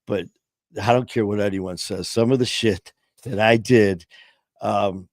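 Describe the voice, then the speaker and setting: Speaking steadily and without hurry in a fairly low voice, this man hosts a streamed talk show and rambles through casual stories. Fillers are frequent, a few swears slip in, and he laughs at himself; his home streaming mic yields studio-quality audio with no echo.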